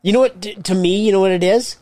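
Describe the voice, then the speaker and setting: Blunt, profane man, slightly high voice. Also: dark tone. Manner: blunt, profane, quick replies. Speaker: podcast co-host. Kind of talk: casual chat.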